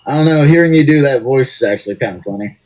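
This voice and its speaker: A man with a mid-range voice co-hosts a casual podcast chat. He talks in a relaxed way and swears freely. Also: medium pitch, very fast, dull audio. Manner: laid-back, profane.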